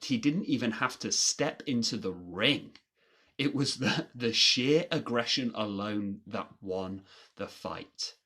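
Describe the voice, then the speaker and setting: A man's voice: mid-range voice, a bit bright. A man giving an emphatic motivational talk as a podcast host, repeating phrases for force.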